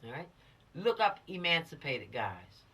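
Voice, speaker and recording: Woman instructor, emphatic and showy, bright forceful voice, lively pitch swings, teaching teens. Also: a little slow, slightly rough, recorded from a distance. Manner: emphatic, lecturing and exhortative. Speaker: teen law-literacy instructor. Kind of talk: direct-to-camera lesson addressing teens.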